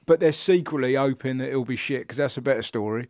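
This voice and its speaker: A comedian in relaxed conversation, telling stories with an animated, laughing delivery. His voice sits in an ordinary middle range, and he restarts his sentences often as his ideas tumble out. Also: medium pitch, fast. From England. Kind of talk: casual chat.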